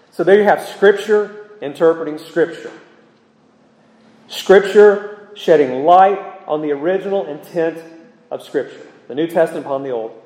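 A man preaching an expository sermon, earnest and emphatic, pausing with ums as he explains scripture. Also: on the high side, a little mellow. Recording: echoey hall with long reverb.

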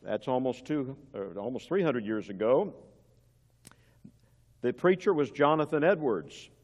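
A man's voice: medium pitch, expressive, unhurried, a little mellow, lo-fi sound. A middle-aged man preaching a sermon in a church, earnest and emphatic, leaning hard into key words. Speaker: pastor. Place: church sanctuary. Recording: long reverb of a large hall.

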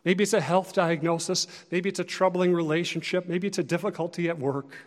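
Man, pastor, earnest sermon, conversational, high voice, long hall reverb. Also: fairly even intonation, a little fast. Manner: earnest, conversational, shifting loudness for emphasis.

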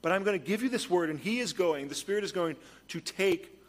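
A man preaching a sermon as pastor, moving between hushed storytelling and emphatic points. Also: high-pitched, expressive, fairly quick.

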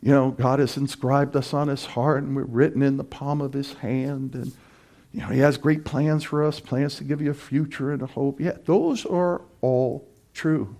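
A man preaching a sermon as pastor, impassioned and emphatic, building to loud repeated cries. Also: medium pitch, steady tone, moderate pace.

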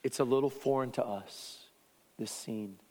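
A man preaching an expository sermon as pastor, teaching at a measured pace with his voice falling at the end of phrases. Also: mid-range voice, darkish tone, long reverb tail.

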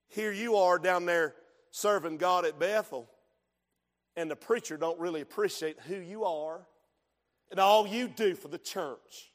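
A middle-aged man preaching a sermon as pastor, dropping to hushed storytelling and rising to shouted exhortation. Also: high voice, moderate pace. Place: church sanctuary. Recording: long reverb of a church hall.

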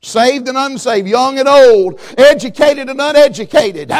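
A man preaching a fiery revival sermon, swinging from hushed, quiet passages to loud shouting. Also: very high-pitched, a little slow, few pauses. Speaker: preacher, evangelist.

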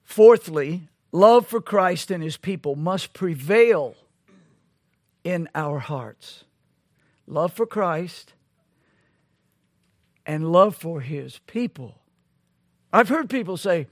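In studio-quality audio with no room sound, a man whose voice sits high and moves with lively intonation preaches as a pastor. He speaks slowly and deliberately, pressing his points and posing rhetorical question after rhetorical question.

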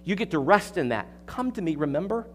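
A man's voice: fairly high pitch, big pitch swings, fairly quick, fairly bright tone, a little hiss or hum. A male pastor preaching an expository sermon, emphatic, repeating words and asking the congregation rhetorical questions.

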